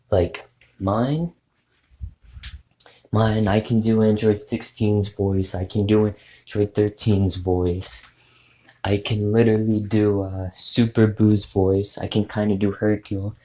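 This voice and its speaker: A man's voice: on the low side, dark tone, rough recording. A man giving casual, rambling tips on doing voice impressions, with lots of fillers and restarts. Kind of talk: casual spoken tutorial.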